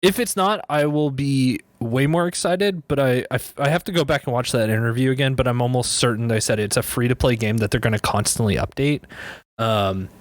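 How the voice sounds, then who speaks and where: A man's voice: mid-range voice, brisk, no room sound. A man co-hosting a casual gaming podcast, easygoing and agreeable, cautiously upbeat. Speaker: podcast co-host.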